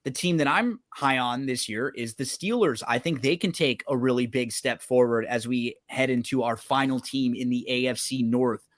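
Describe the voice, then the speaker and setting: Speaking at normal speed with hardly any pauses, a mid-range-voiced man co-hosts a casual sports betting analysis show. He talks through teams and schedules and keeps checking in with his partner via tag questions.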